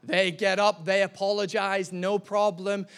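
A man with a notably high voice delivers a sermon. He reads scripture, then tells a personal story with lively humour, addressing the congregation directly. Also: a little slow, clear, resonant tone. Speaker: pastor.

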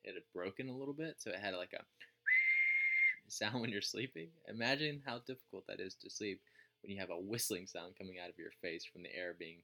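Male podcast host, low and gravelly, bright and forceful, rambling and self-deprecating. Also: fast. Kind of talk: casual storytelling.

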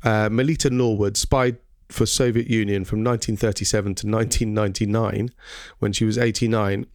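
A man with a low voice hosts a casual educational podcast. He talks with lots of ums and pauses and keeps quizzing his co-host. The recording is close and dry, with no room sound. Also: fairly even intonation, dry recording.

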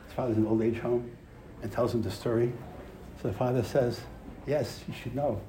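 A man giving a Torah class to a live audience, telling a story with lively emphasis, repeating phrases and using Hebrew terms. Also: medium pitch, fairly quick, noisy background.

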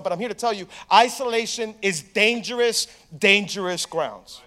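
High-voiced man preaching, animated storyteller. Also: fairly quick, hardly any pauses. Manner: storytelling, animated, asks the crowd questions. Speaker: pastor. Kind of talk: sermon.

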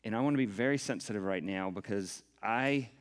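A middle-aged male pastor giving a sermon, turning from hushed to animated. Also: fairly low pitch, a little fast, clean tone. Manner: expressive, swings from hushed to animated. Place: church hall. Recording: long hall reverb.

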